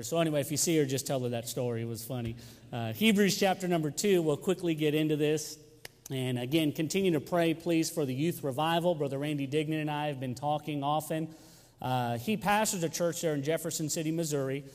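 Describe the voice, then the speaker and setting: A man's voice: a little high, a little mellow. A young man, a youth pastor making joking announcements and telling stories to his congregation. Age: young adult. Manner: chatty, joking, talks to the congregation by name. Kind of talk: sermon announcements and storytelling. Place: church sanctuary. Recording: long hall reverb.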